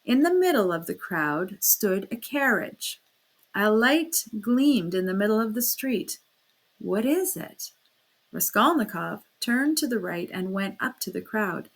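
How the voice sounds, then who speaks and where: A woman narrating a classic novel as an audiobook reader, in a steady storytelling manner. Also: unhurried. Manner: steady storytelling, raises pitch and volume for quoted speech. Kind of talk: scripted narration.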